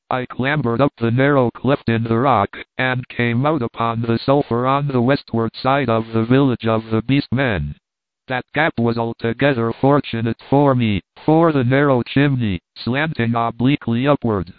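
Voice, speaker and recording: A man reading an adventure novel aloud as a measured storybook narration. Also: mid-range voice, dry recording. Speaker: audiobook reader. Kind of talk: scripted narration. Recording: dry, tinny phone-like sound.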